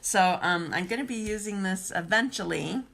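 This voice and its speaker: A woman's voice: medium pitch, normal speed, creaky, a bit bright. A woman hosting a live craft demonstration stream, with a scratchy voice, chatting casually and rambling with many filler ums.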